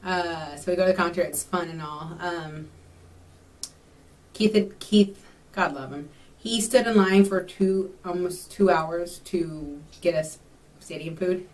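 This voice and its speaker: A woman's voice: fairly low pitch, slow pace, a little mellow. Young woman from texas rambling through a story for her vlog, lots of ums, mic sits a little far away. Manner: chatty, rambling, with many fillers. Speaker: vlogger.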